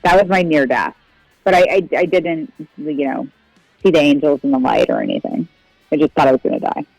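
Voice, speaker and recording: A woman's voice: low-pitched, brisk, vocal fry, a little mellow, dry recording, faint music behind, poor audio. A woman from the United States, a nurse and former TV guest, casually rambling through a childhood story. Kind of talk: telling a personal story in an interview.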